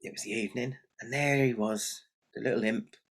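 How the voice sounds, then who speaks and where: Husky male storyteller. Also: mid-range voice, fairly quick. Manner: lively, chatty, addresses the audience. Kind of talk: oral folk tale telling.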